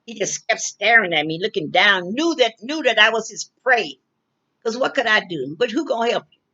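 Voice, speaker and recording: A woman's voice: medium pitch, very animated, moderate pace, sharp tone. Older woman rambling through a personal story. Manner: rambling, repeats phrases, restarts often. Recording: dull lo-fi recording.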